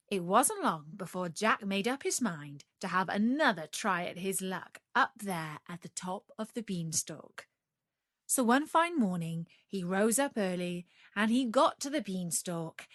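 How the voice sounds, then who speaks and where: A woman reading a fairy tale aloud for English learners, slow and expressive. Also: medium pitch, no room sound, clean studio sound. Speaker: storyteller. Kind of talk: storybook narration for English learners.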